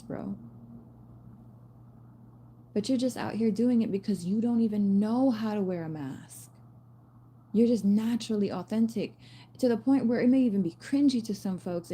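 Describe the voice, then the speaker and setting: Blunt slangy woman with a mellow voice. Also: mid-range voice, slight background noise. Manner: blunt, swearing, slangy and animated. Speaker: spiritual reader. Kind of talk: casual spiritual message to viewers.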